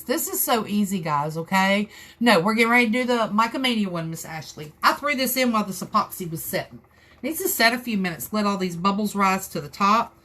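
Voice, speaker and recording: Woman, Southern US accent, folksy, rambling how-to chat, talks straight to viewers, mid-pitched voice. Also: fairly bright tone. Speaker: crafter hosting a live tutorial.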